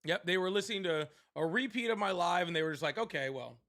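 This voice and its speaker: This political livestream host talks fast from his seat at home, his voice sitting high and a bit bright. He rambles casually, swearing freely and keeping a sardonic edge.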